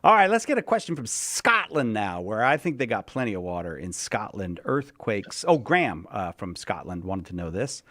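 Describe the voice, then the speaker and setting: Man, radio host, animated pitch, dry close studio sound, jokey and casual. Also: dry recording. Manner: jokey, reacts with quick laughs and short agreements. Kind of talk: casual talk show hosting.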